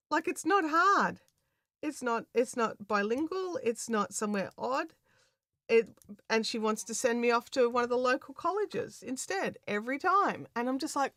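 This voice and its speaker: A woman's voice: on the high side, fairly bright tone, no echo, clean studio sound. An Australian woman hosting a craft livestream, chatting casually and reading out viewer comments, with lots of fillers and laughter. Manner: chatty, rambling, laughs often, many fillers.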